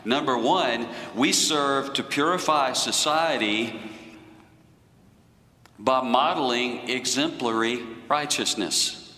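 A man preaching a sermon in a slow, deliberate teaching manner. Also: medium pitch, bright, forceful tone, reverberant, long reverb tail, poor audio.

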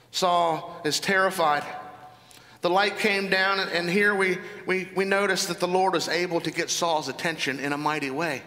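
Male pastor, earnest sermon delivery with rhetorical questions; sharp, bright tone in a reverberant hall. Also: sits high.

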